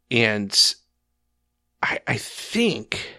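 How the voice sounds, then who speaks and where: A man talking through scripture in a relaxed conversation, with a somewhat low but bright, forceful voice. He tells his stories with animation and jumps into the voices of the people he quotes. The sound is close and dry. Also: measured pace, dry recording. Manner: animated storyteller, acts out quotes. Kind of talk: casual faith discussion.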